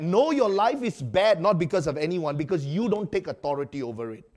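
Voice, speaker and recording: A male pastor preaching a sermon in an animated way, acting out quotes with sudden loud outbursts. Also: on the high side, a little fast, few pauses.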